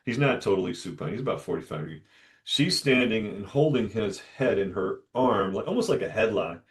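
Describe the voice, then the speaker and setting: Male dentist host, low-ish voice, animated solo storyteller who voices the people in his tale. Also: brisk. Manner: animated, acts out dialogue in lively voices.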